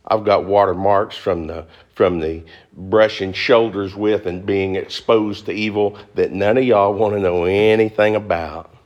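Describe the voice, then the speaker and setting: A middle-aged male pastor preaching a sermon to a congregation, fast and folksy, rising into high emphatic bursts. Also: fairly even intonation, a little mellow, dull audio. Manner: fast-talking, folksy with y'all and ain't. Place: church before a congregation.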